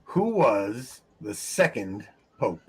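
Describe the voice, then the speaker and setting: A man hosting a casual trivia show, chatty and quick to laugh, calling out names as people answer. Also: lowish voice, big pitch swings, noisy background. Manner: chatty, laughs often, reads names from chat. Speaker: quiz show host.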